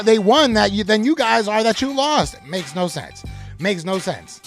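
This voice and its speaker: A man hosting a live sports podcast, reading chat comments aloud and answering them with animated trash talk. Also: high-pitched, moderate pace, gravelly, faint music behind.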